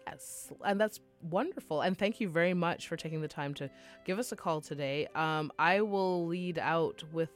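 A radio host running a casual interview, eager and full of quick affirmations. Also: medium pitch, soft background music.

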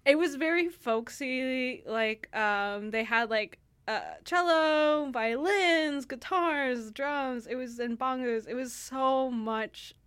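Young woman, raised pitch, casual radio chat, rambling with fillers. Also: slow pace, few pauses, a bit bright, clean tone. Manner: chatty, lots of fillers and restarts, laughs easily. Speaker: theatre reviewer.

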